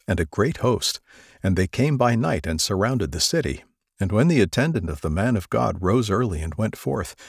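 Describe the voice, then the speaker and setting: A man reading a scripture passage aloud in a measured, expressive way. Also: on the low side, creaky, slightly rough, no echo, studio quality. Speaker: scripture reader.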